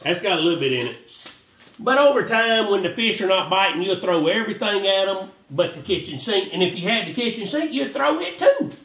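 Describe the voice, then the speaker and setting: Animated rambling man, bright tone. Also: high-pitched, brisk, recorded from a distance. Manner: rambling, animated, talks to viewers as y'all. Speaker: fishing vlogger. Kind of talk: casual how-to vlog. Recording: roomy echo, voice a bit off-mic, faint noise.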